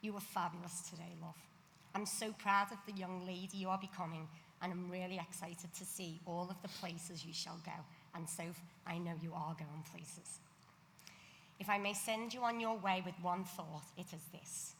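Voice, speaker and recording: A woman's voice: lowish voice, steady tone, moderate pace, fairly bright tone. A woman giving a tender, loving speech as the mother at her daughter's bat mitzvah. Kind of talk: parent's speech read at a ceremony. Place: large synagogue sanctuary. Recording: reverberant hall, faint background noise.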